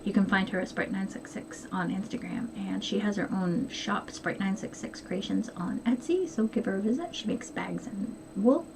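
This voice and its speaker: A middle-aged woman chats at home about her knitting and sewing, rambling along with frequent ums and hurried asides. Her voice sits at an ordinary middle pitch. A steady hiss of background noise runs under the recording. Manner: chatty, quick and rambling with many ums. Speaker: knitting podcast host. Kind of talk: casual chat to camera.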